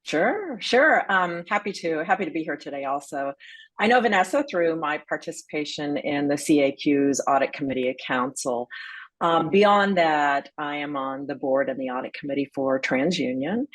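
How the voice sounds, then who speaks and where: Low-voiced businesslike woman. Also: poor audio. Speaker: board member, panelist. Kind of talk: self-introduction on a panel.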